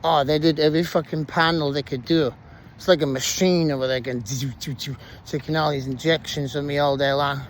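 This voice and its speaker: A man telling his own story in a casual, animated way, swearing freely and using slang. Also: on the high side, moderate pace, a little hiss or hum.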